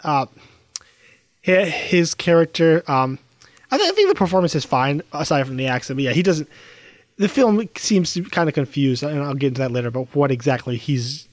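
A man's voice: on the high side, lively intonation, normal speed, no room sound. A man co-hosting a casual film review podcast, speaking hesitantly with many fillers.

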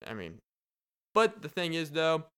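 A young man hosting a casual solo podcast, talking in an animated, joking and rambling way. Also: fairly high pitch, measured pace, smooth. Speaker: podcast host.

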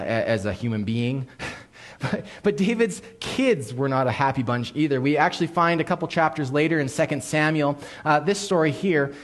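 A man preaching a sermon as a pastor, telling the story in an animated way, acting out quotes and dropping suddenly to a hush. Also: mid-range voice.

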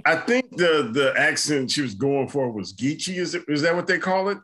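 A man's voice: on the high side, expressive, moderate pace, bright, forceful tone. A man in a casual movie-review chat, laid-back and a bit hesitant. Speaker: podcast co-host.

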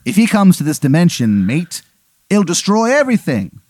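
A man's voice: high-pitched, huge pitch swings, moderate pace, a little mellow, no room sound, pitched above the performer's own voice, exaggerated voice. A man voicing a bumbling ghost king in a gold crown, with a bad put-on English accent. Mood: pleading.

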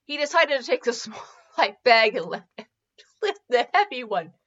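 A woman's voice: fairly high pitch, very animated, moderate pace, fairly bright tone. A woman reading a comic fanfiction aloud, giggling and stumbling over words, on a slightly dull recording. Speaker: fanfiction reader.

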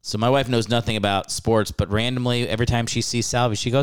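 A man's voice: medium pitch, steady tone, fast talker, hardly any pauses, smooth. A man hosting a podcast, ranting about sports in a casual comedic way. He swears freely and laughs often. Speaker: podcast host.

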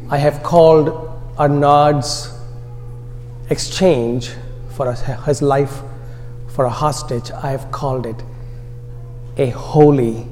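A man with an Indian American accent preaching an Easter sermon in a church, slow and deliberate, letting his phrases trail off softly. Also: fairly high pitch, slight background noise. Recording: long reverb of a large hall.

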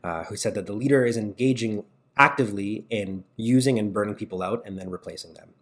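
Fast-talking, low-voiced man on a podcast. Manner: fast, emphatic, rhetorical questions. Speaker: podcast guest, leadership speaker. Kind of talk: casual podcast conversation.

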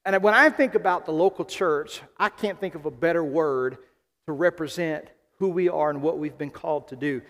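A man from the American South preaching a sermon as pastor, emphatic, slowing and repeating key phrases. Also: fairly high pitch, a bit bright. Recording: long hall reverb.

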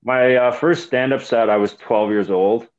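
A man's voice: medium pitch, normal speed, highs cut off. A young man, a comedian telling rambling, profane stories in a casual podcast chat. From Canada. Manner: rambling, profane, animated storytelling. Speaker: comedian guest.

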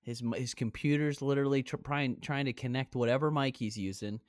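A man's voice: medium pitch, fairly even intonation, a little fast, no echo, clean studio sound. Brash teasing man on a headset. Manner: brash, teasing, swears freely. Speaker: podcast host. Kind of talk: casual podcast chat. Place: home, recording virtually.

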